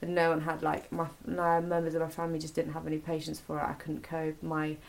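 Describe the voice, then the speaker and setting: A woman's voice: low-pitched, monotone, fast talker, vocal fry. A young woman in casual conversation, talking openly about her past in a rambling, sweary way with many restarts. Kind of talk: casual confessional chat.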